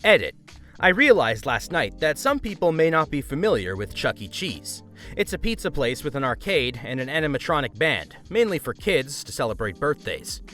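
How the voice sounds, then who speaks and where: A man's voice: mid-range voice, very animated, normal speed, fairly bright tone. A man narrating a story aloud in a wry storytelling manner. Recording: faint background music.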